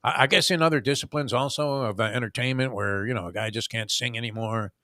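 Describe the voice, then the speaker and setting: A man's voice: mid-range voice, fast, sharp tone, dry recording, studio quality. Older man telling rambling sports stories. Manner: rambling storyteller, many fillers and restarts. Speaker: show host. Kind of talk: casual sports talk. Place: home room.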